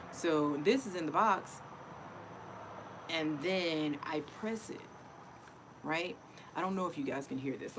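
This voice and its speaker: Middle-aged woman, low voice, rambling heartfelt vlog talk, noise behind her. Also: poor audio. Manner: chatty, emotional, repeats herself. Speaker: vlogger. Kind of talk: casual personal vlog.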